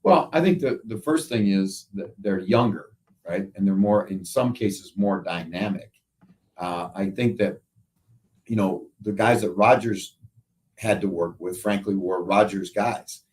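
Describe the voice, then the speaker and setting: A man's voice: deep voice, measured pace. Guy hosting a football show, chatty storyteller, kinda far from the mic. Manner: animated storyteller, frequent "right?". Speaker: show host, football analyst. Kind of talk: casual live show chat.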